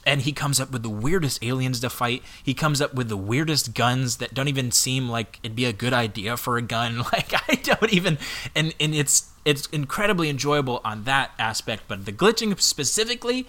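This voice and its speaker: Animated man with a bright voice. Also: mid-range voice. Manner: animated and expressive, quick to laugh. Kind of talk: casual video game discussion.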